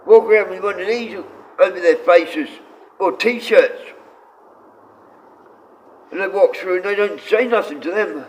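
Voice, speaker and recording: Over dull lo-fi stream audio with faint noise, a blunt Australian man in his sixties chats loosely in a high-pitched voice, a little slow and with frequent pauses. He rambles, reads the chat out loud, and speaks to his dogs.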